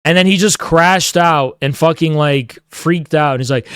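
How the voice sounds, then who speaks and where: A man's voice: fairly high pitch, animated, moderate pace, fairly bright tone, clear, resonant tone, no room sound, clean studio sound. A man hosting a livestream, ranting casually with heavy swearing and mock-grandiose taunts. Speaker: livestream host. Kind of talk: casual streaming rant.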